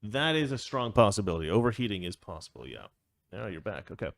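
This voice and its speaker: Opinionated man with animated delivery. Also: on the low side, quick pace, gravelly, dry recording. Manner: opinionated and rambling, chuckling often. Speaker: show host. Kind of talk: casual political commentary.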